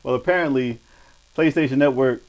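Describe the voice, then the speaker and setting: A man's voice: medium pitch, a little fast, poor audio. A man hosting a casual gaming podcast, reading news in a laid-back way with frequent laughs. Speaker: podcast host.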